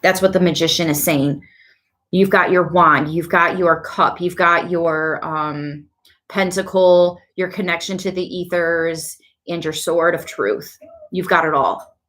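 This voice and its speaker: A woman giving a casual tarot reading to her viewers, chatty and quick to laugh, with animated asides. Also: fairly low pitch. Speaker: tarot reader.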